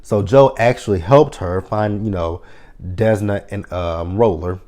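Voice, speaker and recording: A man giving a casual, chatty recap of a TV episode, swearing freely and filling pauses with "um" and "you know". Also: fairly low pitch, dark tone. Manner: profane, chatty retelling with many fillers. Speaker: TV episode reviewer.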